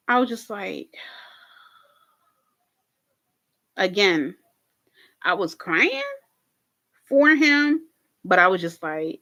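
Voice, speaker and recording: A young woman hosting a casual reaction video, recapping a TV episode to her viewers in an animated way, laughing often and swearing freely. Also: mid-range voice, slow pace, pauses often.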